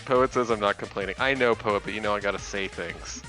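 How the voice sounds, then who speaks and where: A young man co-hosts a casual stream, teasing and joking in an easy, offhand way. His voice sits a little low but sounds bright. Soft music runs underneath. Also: brisk, rough recording. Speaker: stream co-host. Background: faint music.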